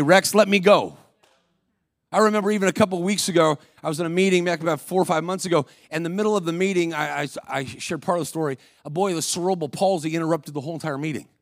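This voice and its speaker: A man's voice: sits high, no room sound, clean studio sound. A man preaching a sermon as a guest speaker in a church, calling out to the congregation and acting out voices in his stories. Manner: energetic, calls out to the congregation, acts out voices in stories.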